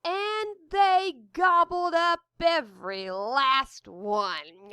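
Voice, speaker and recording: A woman reading a picture book aloud with expressive gasps of wonder and chatty asides about the pictures. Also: high voice, takes it slowly, vocal fry, no room sound, studio quality. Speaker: storybook reader.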